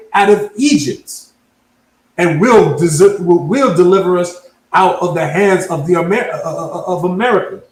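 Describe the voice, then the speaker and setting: At a Bible class, a man with a slightly high voice preaches a street-style sermon, reading scripture aloud and unpacking it in casual slang while often asking "you understand?". The recording is low quality with a roomy sound.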